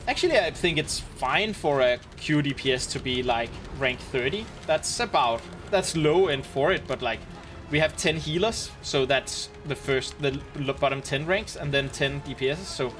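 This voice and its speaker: This Danish man, from Denmark and speaking with a Danish accent, leads a game raid as its commander and chats casually while he plays. His voice sits on the high side at a normal speed, and he sounds relaxed and chatty, thinking aloud as he gives casual gameplay commentary.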